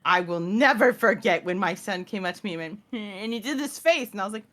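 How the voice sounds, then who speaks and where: A woman's voice: medium pitch, quick pace. A woman in her thirties, a podcast guest chatting casually and acting out the people in her stories. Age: 30s. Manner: animated storyteller, acts out quotes. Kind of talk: casual chat.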